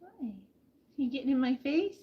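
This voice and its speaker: A woman vlogging from her backyard farm, chatting casually with viewers and softly coaxing a hen through a soak. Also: high-pitched, normal speed, dull audio. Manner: soft, coaxing talk to an animal. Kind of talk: casual live chat reading comments.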